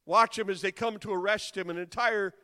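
A man preaching a dramatic sermon, swinging from hushed passages to impassioned cries. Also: high voice, fairly even intonation, brisk, smooth, big-room sound.

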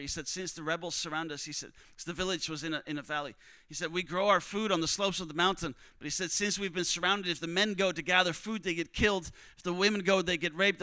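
A young man preaching, telling a missionary story with strong emotion, often dropping to a hush for other people's words. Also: a little high, smooth, dry recording. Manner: emotional, quotes others in hushed voices. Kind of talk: sermon storytelling.

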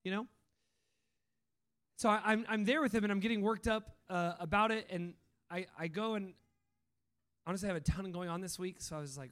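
A young man giving an informal, excitable sermon talk, telling stories and often laughing. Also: high voice, brisk, pauses often. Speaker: speaker at a training school.

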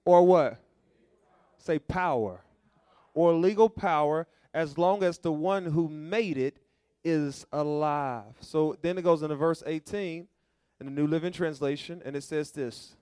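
A pastor delivers his sermon in a folksy, storytelling way. He keeps throwing questions out to the congregation for them to answer. His voice sits a little high for a man and sounds dry, with no room echo. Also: unhurried, darkish tone, smooth. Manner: call-and-response preaching, asking the congregation to fill in words.

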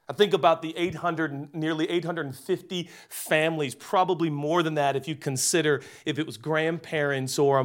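A man in his forties preaching a sermon, swinging between loud emphasis and hushed, quiet delivery. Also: fairly high pitch. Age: 40s. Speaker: pastor.

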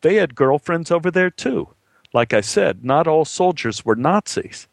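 A man voicing a blunt, gruff old man who swears casually as he recalls hard times. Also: a little high, lively intonation, a little slow, dry recording, pitched above the performer's own voice. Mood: reminiscing.

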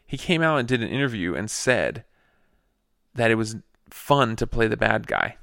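A man co-hosting a podcast, chatting about a movie in an animated, teasing way and laughing often. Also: fairly low pitch, normal speed, creaky, no room sound, clean studio sound. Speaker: podcast co-host. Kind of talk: casual chat, movie discussion.

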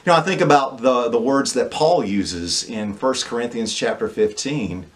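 A man preaching a sermon, asking the congregation rhetorical questions and pausing for emphasis. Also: mid-range voice.

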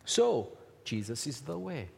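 A man preaching a sermon, emphatic and repetitive, his pitch rising and falling as he drives points home. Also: big pitch swings, a little slow, gravelly. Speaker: pastor. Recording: long hall reverb.

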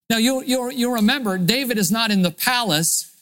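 A male pastor delivering a sermon in an earnest, expressive teaching manner. He explains scripture with conviction and leans into dramatic readings of the verses. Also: extremely high pitch, moderate pace.

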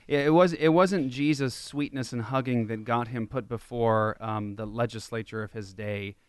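A man co-hosting a casual Christian podcast discussion, animated and mocking when he quotes others. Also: medium pitch, normal speed, clean tone, no echo. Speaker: co-host.

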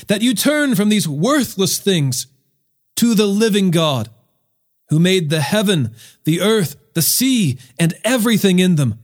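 A man voicing an apostle pleading loudly. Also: high voice, pitched above the performer's own voice. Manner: urgent, raised declaiming voice.

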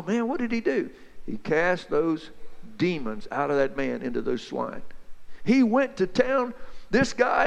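A man telling Bible stories as a folksy, excited back-and-forth chat between two friends. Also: high-pitched, creaky, big-room sound. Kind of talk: two-voice dramatized Bible storytelling.

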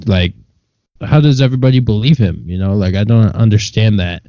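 Cohost dude ranting and swearing, low voice, dry lo-fi mic. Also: male voice, brisk, no room sound. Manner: blunt, profane ranting. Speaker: podcast co-host. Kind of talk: casual chat.

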